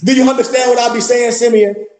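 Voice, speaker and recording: This fast-talking pastor and teacher is animated and boastful in a casual livestream, dropping into quoted voices as his stories unfold. His voice runs high for a man, and the room rings with echo.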